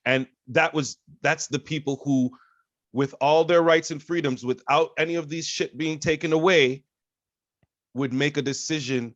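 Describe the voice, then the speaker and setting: A man's voice: fairly high pitch, fairly even intonation, normal speed, no echo. A man co-hosting a podcast, making his point earnestly and repeating phrases for emphasis. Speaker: podcast co-host. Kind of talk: casual podcast chat.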